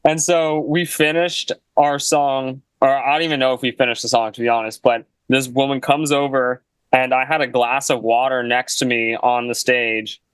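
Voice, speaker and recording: Young guy rambling through a story, smooth clear voice, dry podcast mic. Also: medium pitch, level tone, moderate pace, fairly bright tone, no echo, poor audio. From Canada. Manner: laid-back, heavy use of "like" and "you know". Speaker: guest musician. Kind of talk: casual storytelling.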